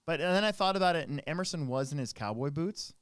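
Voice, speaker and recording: A man's voice: fairly high pitch, lively intonation, fast talker, clean tone, no echo, clean studio sound. A man in his thirties hosting a podcast, telling a long rambling story in casual chat with many restarts. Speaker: podcast co-host.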